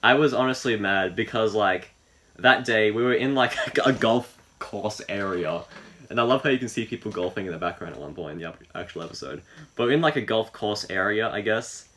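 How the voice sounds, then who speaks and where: Bright-voiced rambling podcast host. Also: male voice, on the low side. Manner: rambling, filler-heavy, restarts thoughts. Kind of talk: casual chat.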